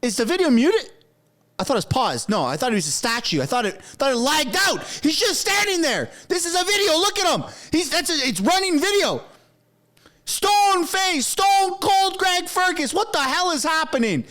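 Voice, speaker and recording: Shouting, swearing male streamer. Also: extremely high pitch, big pitch swings, moderate pace. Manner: loud, shouting, swearing in frustration. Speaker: streamer reacting to a parliament feed. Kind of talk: live-stream reaction commentary. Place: home basement. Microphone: wearing headphones, desk mic.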